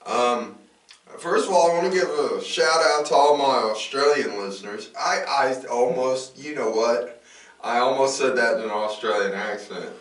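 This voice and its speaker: A man's voice: medium pitch, normal speed, far from the mic. Male podcast host, casual and rambling, heard a bit off-mic in a roomy space. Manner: loose and rambling, frequent fillers and restarts.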